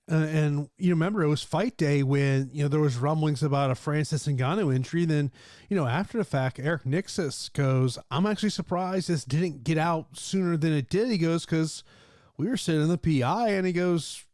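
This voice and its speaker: Higher-voiced man hosting a betting show. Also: a little mellow, no room sound, studio quality. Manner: conversational, many fillers and restarts. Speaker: host and MMA analyst. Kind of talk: casual sports betting chat.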